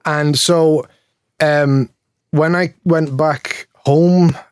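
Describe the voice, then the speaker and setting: A man's voice: a little high, steady tone, extremely slow, a little hiss or hum. A man with a Geordie accent from Newcastle, chatting casually as a guest in an interview, rambling and self-deprecating with frequent laughs. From Newcastle, England. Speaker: guest, pedal builder.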